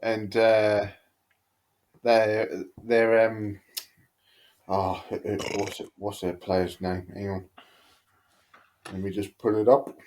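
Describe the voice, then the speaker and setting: A man's voice: fairly low pitch, level tone, slow pace, pauses often, a little mellow. A man co-hosting a podcast, answering in short, hesitant bits full of ums. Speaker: podcast co-host. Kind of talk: casual banter.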